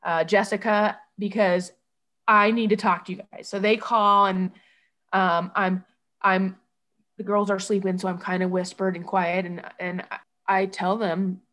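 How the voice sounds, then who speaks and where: A woman telling a painful personal story in an interview. She talks in halting bursts, with many restarts and quoted speech, and she sounds shaken. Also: medium pitch, a bit bright. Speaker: guest telling her story. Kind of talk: emotional personal account.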